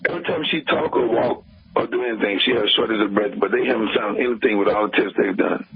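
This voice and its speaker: A man calling in to a radio show, explaining earnestly and haltingly with fillers. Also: lowish voice, breathy edge. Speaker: caller. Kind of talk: phone-in call to a radio show. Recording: tinny phone line on radio.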